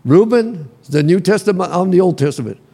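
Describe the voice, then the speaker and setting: A male pastor preaching a sermon in a church, calling the congregation to repeat after him and building to shouts. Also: high voice, lively intonation, brisk, vocal fry, breathy edge. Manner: call-and-response preaching, rising to shouts. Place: church sanctuary.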